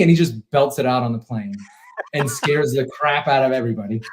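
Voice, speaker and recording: A man guesting on a podcast, telling stories in an animated way, laughing mid-sentence and acting out quotes. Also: medium pitch, fast, a crowd in the background. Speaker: podcast guest, independent filmmaker. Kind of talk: casual podcast chat.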